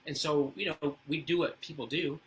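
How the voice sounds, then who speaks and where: A man's voice: on the high side, steady tone, moderate pace, slight background noise, poor audio. A man telling personal stories as an interview guest, earnest and fond of rhetorical questions. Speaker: guest speaker on parenting. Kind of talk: casual storytelling interview.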